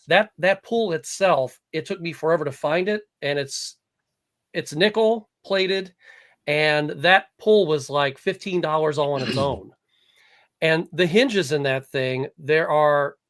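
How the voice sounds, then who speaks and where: A man's voice: on the high side, unhurried, a bit bright. A man co-hosting a live podcast, telling rambling stories in casual chat. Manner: rambling, chatty storyteller. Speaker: podcast co-host.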